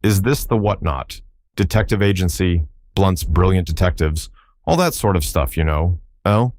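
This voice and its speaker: A man's voice: low-pitched, animated, moderate pace, a little mellow, dry recording, clean studio sound. A man voicing a nervous, apologetic upper-class young man who stammers and bumbles through his words. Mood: bumbling.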